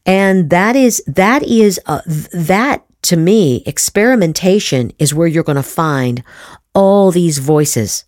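A middle-aged woman with a notably low voice talks through her voice acting tips in a loose, animated way, often restarting and repeating words. The recording is dry and close, with no room sound. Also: slow, dry recording. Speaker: voice acting teacher, podcast host. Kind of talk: casual instructional talk.

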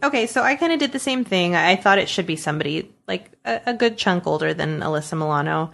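A woman co-hosting a podcast, chatting casually with amused, quick asides. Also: lowish voice, expressive, creaky, fairly bright tone. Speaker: podcast co-host. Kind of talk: casual chat.

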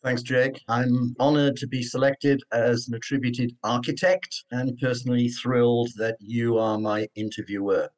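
An older man from Wales, a guest scholar telling anecdotes in a wry, measured way during an interview. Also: medium pitch, little pitch movement, low-quality recording. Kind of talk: reflective interview talk.

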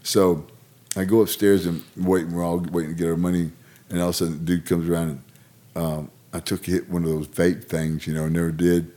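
Deep-voiced rambling man. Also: flat delivery, a little fast, warm tone. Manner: rambling, laughing storyteller who acts out quotes. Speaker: podcast co-host, former wrestler. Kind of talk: casual storytelling chat.

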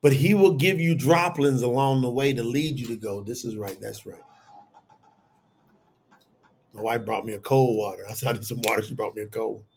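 A man's voice: mid-range voice, fairly quick, hardly any pauses, a little hiss or hum. A middle-aged man preaching a sermon, talking animatedly and calling out to his listeners as y'all. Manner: animated, addresses the audience as y'all.

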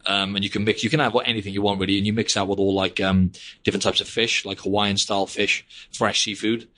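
A man's voice: fairly low pitch, little pitch movement, fast talker, fairly bright tone. A young man hosting a podcast in casual, rambling chat, peppering his talk with "mate" and "like". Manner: chatty, rambling, drops "mate" and "like" constantly. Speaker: podcast host.

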